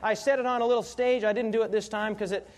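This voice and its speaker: Middle-aged male preacher, very high voice, storytelling sermon, asks the congregation questions. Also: steady tone, fast talker.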